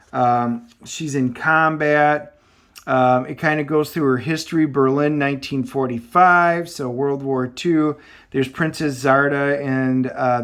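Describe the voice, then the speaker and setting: A man's voice: mid-range voice, a bit bright. A man reviewing comic books and retelling the story in a casual way, with many fillers and restarts.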